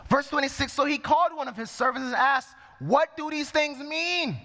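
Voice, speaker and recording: A man's voice: very high voice, animated, moderate pace, pushed and bright, big-room sound. A man preaching a sermon, reading scripture verse by verse and explaining it as he goes.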